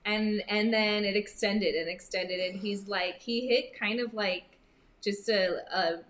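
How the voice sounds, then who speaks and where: A woman's voice: medium pitch, fairly even intonation, measured pace, a bit bright. A woman joining a casual chat, chiming in and retelling what her friend said. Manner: chiming in, retelling his words.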